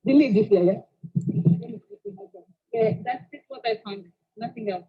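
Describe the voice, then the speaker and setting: Husky woman on a dull lo-fi recording. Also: a little high, sing-song, unhurried. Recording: dull lo-fi sound.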